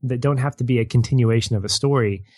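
A man's voice: medium pitch, fast, a little mellow, slightly rough, no echo. A man chatting as a guest on a film podcast, rambling with restarts and easy laughs. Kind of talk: casual film podcast chat.

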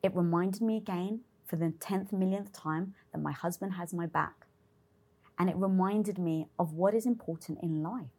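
A young adult woman speaking at a moderate pace in a lowish voice tells a candid personal story as an interview guest. She's expressive, swears freely and acts out her own inner dialogue.

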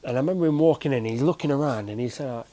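A man's voice: mid-range voice, very fast, dark tone, poor audio. Rambling man telling a story. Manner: rambling, conversational, many restarts and fillers. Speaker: guest, former goalkeeper. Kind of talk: casual storytelling in an interview.

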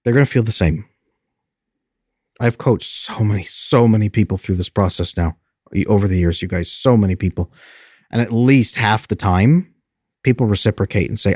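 A man coaching viewers on friendship in an emphatic, lively way, often acting out the lines he quotes. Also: fairly low pitch, moderate pace, dry recording, studio quality. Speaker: attachment coach. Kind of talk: motivational talk to viewers.

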